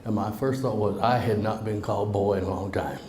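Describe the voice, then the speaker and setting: A man's voice: fairly low pitch, fairly even intonation, brisk. A middle-aged man telling a humorous personal story to a live audience, folksy and joking, talking straight to the crowd. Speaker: motivational speaker. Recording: roomy hall reverb, faint noise.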